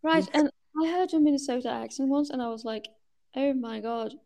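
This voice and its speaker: A Swedish-accented woman, a native Swedish speaker, talks in English as a guest on a casual podcast. Her voice is a little high with a darkish tone, and she speaks haltingly, breaking off and restarting sentences while searching for words.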